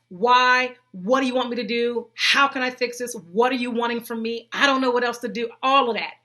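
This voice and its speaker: A woman hosting a live stream, reading viewers' comments aloud and talking about faith in a lively, preachy, slangy way, often repeating herself. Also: mid-range voice. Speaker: host of a live faith and life-coaching stream.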